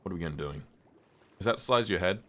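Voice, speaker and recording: A man's voice: low-pitched, expressive, rapid-fire, pushed and bright. A man streaming a game, rambling in casual chat and often laughing at himself. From United Kingdom. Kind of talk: casual livestream chat while playing a game.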